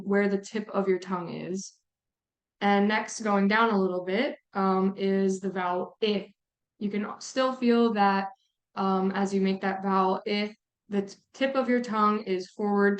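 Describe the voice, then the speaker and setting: A woman at a middle pitch explains vowel sounds in an easygoing lecture. She talks her listeners through each step and fills her pauses with soft ums. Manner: relaxed explaining with frequent ums. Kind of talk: phonetics lecture.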